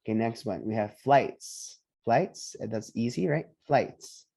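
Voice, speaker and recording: A man teaching English pronunciation on a video call, patiently repeating each word slowly for his students. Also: medium pitch, animated, gravelly, dark tone. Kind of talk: online pronunciation lesson.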